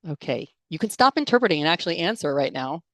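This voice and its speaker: A woman's voice: on the low side, sing-song, fast talker, a bit bright, dry recording. A young adult woman giving a chatty, playful online talk to interpreters, reading out and answering comments from the chat. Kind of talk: live webinar presentation with audience chat. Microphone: computer mic on a video call.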